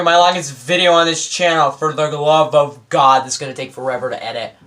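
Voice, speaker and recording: Rambling, excitable movie reviewer guy. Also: on the high side, fast. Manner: rambling and excitable, many fillers and acted-out quotes. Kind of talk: casual spoiler review.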